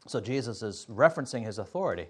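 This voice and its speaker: A man teaching a Sunday school Bible class, explaining step by step in an earnest way with frequent pauses. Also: lowish voice, expressive, husky.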